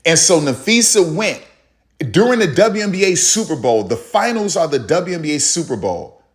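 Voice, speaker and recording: Heated man ranting about sports. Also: fairly high pitch. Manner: heated, repetitive, emphatic, acts out others in quotes. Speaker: commentary channel host. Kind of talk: opinionated sports commentary monologue.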